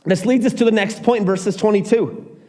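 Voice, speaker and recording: A man preaching a sermon as pastor, talking in an animated, emphatic way with frequent restarts. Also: high-pitched, brisk.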